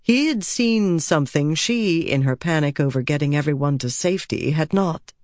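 Audiobook narrator: measured and steady, mid pitch, close, dry studio sound. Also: no echo. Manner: measured and steady, voicing characters. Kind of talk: scripted narration.

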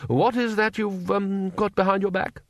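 Man doing a high, brusque old wizard boss for an audiobook, close and dry. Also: steady tone, normal speed, no echo. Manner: booming, brusque, commanding. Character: blustering elderly male wizard head. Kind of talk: audiobook character voice.

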